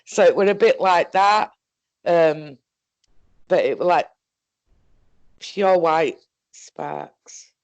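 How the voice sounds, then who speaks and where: A woman with a Northern English accent telling a story in a casual, halting, rambling way, swearing often. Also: fairly low pitch, vocal fry, no echo, muffled recording. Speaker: guest recounting an experience.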